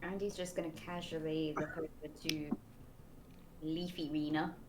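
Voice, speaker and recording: Female player, casual, low-ish voice, slow and giggly. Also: flat delivery, heavy background noise. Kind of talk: casual tabletop play chat.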